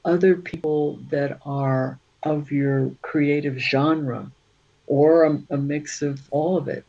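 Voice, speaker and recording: Woman, author guest on an interview; slow, rambling, chatty delivery; slightly dull recording. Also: low voice, steady tone, dark tone. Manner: rambling, chatty, with many fillers. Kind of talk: casual interview chat.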